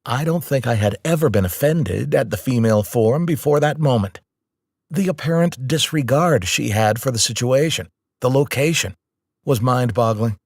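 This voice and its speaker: A man's voice: mid-range voice, normal speed, breathy edge, no echo, clean studio sound. A man reading a novel aloud as a first-person audiobook narrator, in a plain, conversational storytelling manner.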